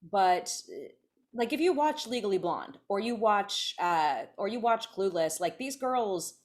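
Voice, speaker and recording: A woman in her thirties from California, speaking at a medium pitch with big swings in intonation and a measured pace. She's a podcast guest in casual conversation, chatty and self-interrupting, often restarting her sentences.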